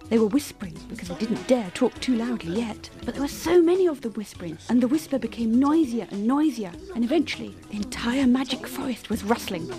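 A woman narrating a children's cartoon story in an expressive, lilting storybook manner. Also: a little high, fairly quick, few pauses. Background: faint music.

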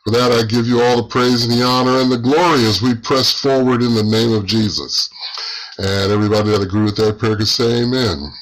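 A man, the pastor, closing a prayer and opening a church meeting, with a measured delivery that stretches key words. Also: medium pitch, fairly even intonation, slight background noise, rough recording.

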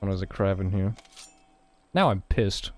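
A man's voice: low-pitched, animated, a little slow, slight background noise. A man, casually commenting on his gameplay, swearing often and laughing a lot. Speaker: gaming streamer.

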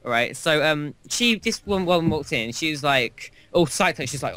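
A man's voice: on the high side, expressive, moderate pace, few pauses, sharp tone. A man co-hosting a game playthrough, telling a long, crude anecdote in a rambling, casual way. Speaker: gaming co-host. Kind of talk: casual gameplay chat.

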